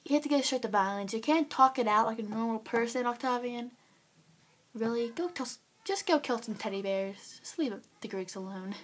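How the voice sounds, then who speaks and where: Teen girl, excitable vlog book reviewer, filler-heavy, chatty. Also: a little high.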